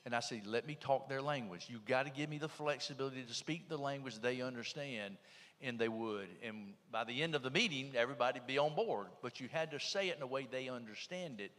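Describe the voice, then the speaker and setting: A panel speaker with a Southern US accent tells folksy stories in a plainspoken, emphatic way. His mid-range voice is brisk and fairly bright, trailing a long reverb tail.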